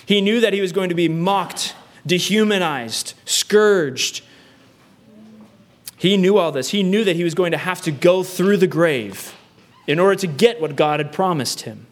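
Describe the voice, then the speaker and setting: Earnest male preacher, slightly high voice. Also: measured pace. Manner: earnest, repetitive emphasis, rhetorical questions. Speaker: pastor. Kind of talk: sermon.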